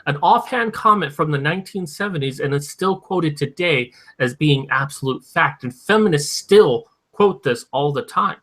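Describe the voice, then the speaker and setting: A man's voice: a little high, lively intonation, normal speed, few pauses, a bit bright. A man co-hosting a casual talk show, arguing his points and explaining them at length. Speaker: co-host. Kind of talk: casual podcast chat.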